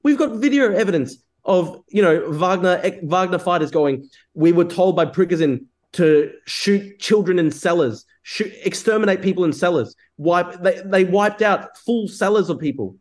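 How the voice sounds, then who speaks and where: Angry guy ranting and cussing in an online debate, kinda high voice, talks over everyone. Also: lively intonation, normal speed, hardly any pauses. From Australia. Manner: furious, interrupting, swearing.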